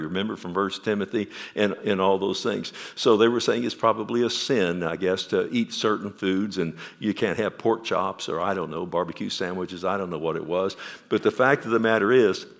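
Pastor guy preaching, gets loud then drops quiet, keeps asking amen?. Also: deep voice. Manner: asks the congregation questions. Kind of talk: sermon.

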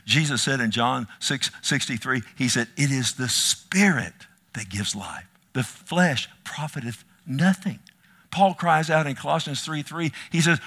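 A male preacher delivering an impassioned sermon, rising to loud cries, then dropping to low pleading, and calling his listeners "loved one". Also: lively intonation, unhurried.

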